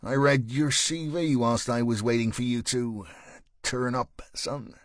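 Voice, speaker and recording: A man voicing a gruff, hulking male sergeant with a deep, angry voice and an accent mixing East Coast American and Belfast. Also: steady tone, measured pace, dry recording, clean studio sound, close to an everyday voice. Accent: mix of East Coast American and Belfast.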